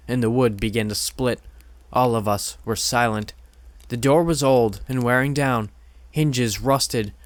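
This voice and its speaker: A man reading horror stories aloud in measured, steady scripted narration. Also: mid-range voice, no echo.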